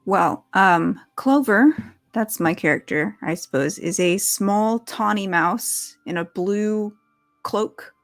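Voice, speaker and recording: A woman who plays in a tabletop game, describing her character in a measured, gentle way. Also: medium pitch, faint music behind.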